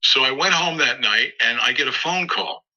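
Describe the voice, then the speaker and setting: A man with a very bright, forward voice tells stories in a rambling way, restarting his phrases often. He speaks as a musician guest in a casual interview. The sound is slightly dull and lo-fi. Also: mid-range voice, moderate pace. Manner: rambling anecdotal, frequent restarts and acted quotes. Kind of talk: interview storytelling.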